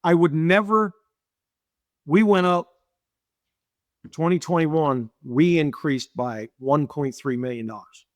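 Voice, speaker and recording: Animated middle-aged man telling stories. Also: a little high, takes it slowly, pauses often, no room sound. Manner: animated, acts out quoted dialogue, repeats himself. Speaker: business owner and guest. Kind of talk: casual interview storytelling.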